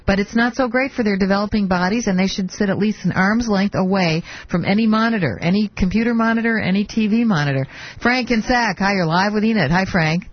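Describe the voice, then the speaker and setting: A woman's voice: medium pitch, fairly quick, no echo. A woman hosting a call-in talk radio show, opinionated and firm, pushing back on callers. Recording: muffled lo-fi broadcast audio.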